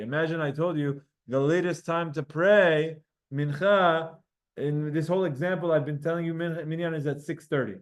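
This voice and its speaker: A man teaching a Talmud class. He reads Hebrew and Aramaic passages aloud, translates them, and breaks off to speak to his students by name. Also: a little high. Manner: explains texts, reading Hebrew and Aramaic aloud and translating with quick asides.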